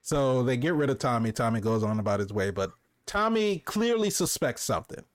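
A man's voice: mid-range voice, expressive, brisk, dry recording, clean studio sound. A man co-hosting a casual TV review chat, easygoing, recapping the plot with plenty of fillers. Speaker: podcast co-host.

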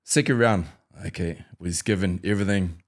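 Male ex-fighter guest, New Zealand accent, low relaxed storyteller. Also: normal speed. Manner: animated storyteller, acts out fight banter and laughs. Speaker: former UFC fighter, guest. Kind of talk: casual storytelling interview.

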